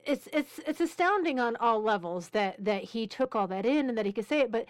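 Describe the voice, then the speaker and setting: Higher-voiced woman interviewing a guest. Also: lively intonation, a little fast. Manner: responsive, with short reactions. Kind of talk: interview conversation.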